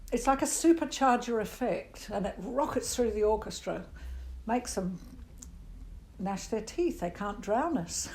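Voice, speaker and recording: An older woman from Australia with an Australian accent, a singing teacher answering interview questions in an animated way and breaking into voice demonstrations. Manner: animated, demonstrates voices with big pitch jumps.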